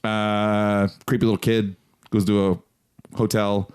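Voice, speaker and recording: A man's voice: lowish voice, little pitch movement, slow, darkish tone, clear, resonant tone. A man co-hosting a casual movie commentary, joking around and putting on silly voices. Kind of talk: casual comedic chat.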